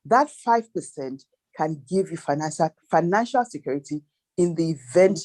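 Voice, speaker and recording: A woman's voice: deep voice, lively intonation, moderate pace, dark tone. A woman guest, a financial planner, giving emphatic advice in a panel chat, running through percentages and firing off rhetorical questions. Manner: emphatic, lists figures, asks rhetorical questions. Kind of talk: advice talk.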